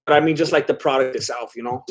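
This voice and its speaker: A man's voice: medium pitch, fairly even intonation, fast. A man hosting a casual live watch-along stream, reading viewer comments aloud while eating, chatty and a bit scattered, laughing often. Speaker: livestream host.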